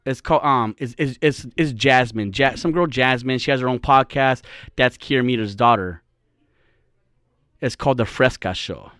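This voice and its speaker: A man's voice: mid-range voice, moderate pace, a bit bright, clear, resonant tone, no room sound, studio quality. A young man hosting a podcast, telling a rambling, profane, jokey story in casual comedic style. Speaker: podcast host.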